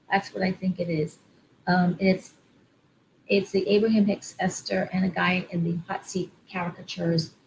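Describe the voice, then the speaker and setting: A woman's voice: medium pitch, a little mellow, rough recording. Woman musing about affirmations, faint hiss. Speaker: spiritual vlogger and card reader. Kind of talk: casual spiritual talk to camera.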